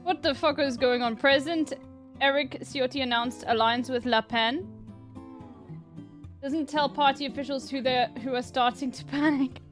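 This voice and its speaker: A woman's voice: high-pitched, steady tone, moderate pace. A woman streamer, casually reading posts aloud and reacting, swearing freely. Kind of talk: live-stream reaction commentary. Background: faint music.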